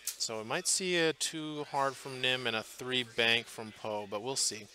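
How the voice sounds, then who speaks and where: A man's voice: medium pitch, measured pace, sharp tone. A man commentating live on a tabletop tournament match, chatty and thinking aloud with fillers and restarts, from a booth at the event. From Portland area, US.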